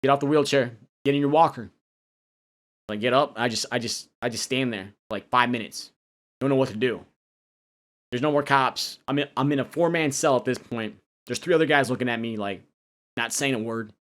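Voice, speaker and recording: A young man telling his own story in a loose, halting way, full of restarts and casual slang. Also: medium pitch, fairly bright tone. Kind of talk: personal storytelling.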